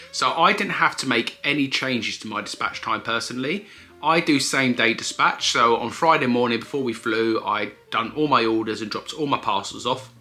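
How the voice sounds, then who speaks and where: Bright-voiced man vlogging. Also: mid-range voice. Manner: chatty, explanatory, self-correcting. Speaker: eBay reseller vlogger. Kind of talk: casual vlog answering viewer questions.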